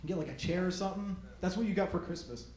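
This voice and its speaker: A man's voice: sits high, fairly even intonation, rapid-fire. A male stand-up comedian on stage, telling stories and acting out the scenes. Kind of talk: stand-up routine. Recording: roomy club recording, loud noise.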